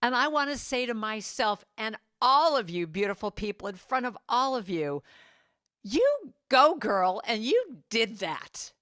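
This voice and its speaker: Woman doing a triumphant award winner, high-pitched and exultant. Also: sing-song, measured pace, a bit bright, no room sound, clean studio sound. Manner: exultant, emphatic. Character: jubilant woman award winner thanking herself.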